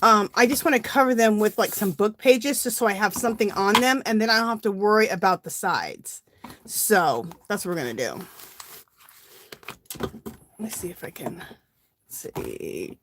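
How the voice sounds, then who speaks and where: A woman's voice: medium pitch, expressive, normal speed, pauses often, background noise. A middle-aged woman chatting casually on a home craft livestream, greeting viewers by name and a bit out of breath. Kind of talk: casual live-stream chat while crafting.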